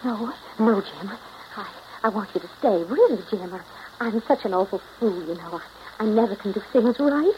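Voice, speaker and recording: An actress in 1940s radio drama style playing an impulsive, emotional young woman pleading with her lover, her voice breathy and tearful. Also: mid-range voice, animated, moderate pace, hardly any pauses, a little hiss or hum, natural voice. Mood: contrite. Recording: dull lo-fi old radio recording.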